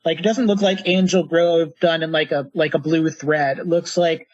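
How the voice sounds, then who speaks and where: A man's voice: on the high side, steady tone, moderate pace, darkish tone, no room sound. A man running a tabletop game, describing scenes in a loose, rambling way. His voice is dry and close, with a dull, lo-fi tone. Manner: rambling, loose with frequent fillers. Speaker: game master.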